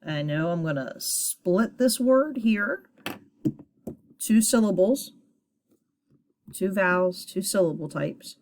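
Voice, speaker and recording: A woman's voice: fairly low pitch, expressive, slow pace, long pauses. A woman teacher giving a phonics lesson to children, patiently sounding out syllables and encouraging her students.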